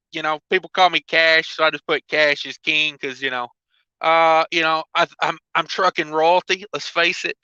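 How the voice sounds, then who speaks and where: Male trucker host, laid-back rambling chat, high smooth voice, lo-fi recording. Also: sharp tone, no echo. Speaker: trucker hosting a livestream. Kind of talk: casual livestream chat. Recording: dull lo-fi dry sound.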